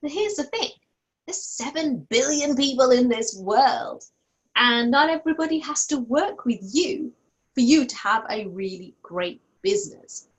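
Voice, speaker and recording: A woman's voice: sits high, lively intonation, a little slow, dull audio. A woman business coach and host talking casually to her computer camera, upbeat and encouraging, checking in with "okay?" as she goes. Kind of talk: casual solo talk to camera. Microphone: computer camera and mic at home desk.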